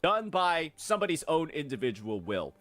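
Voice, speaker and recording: A man's voice: a little high, sing-song, moderate pace, fairly bright tone. A man delivering a scripted commentary video in a bombastic, theatrical way. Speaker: video creator.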